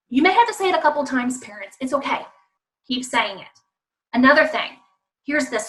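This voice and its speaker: Woman parenting coach on a video call, bright, slightly higher voice, punchy and repetitive delivery, a little far from the mic. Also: expressive, moderate pace. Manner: emphatic, repetitive, addresses parents directly. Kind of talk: online parenting talk with slides.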